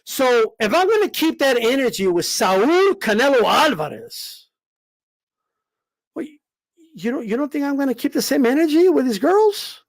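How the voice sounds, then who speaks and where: A man's voice: extremely high pitch, very animated, normal speed. A man, a boxing commentator, ranting heatedly, full of swearing, with emphatic repeated "all right?" checks. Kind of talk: heated rant.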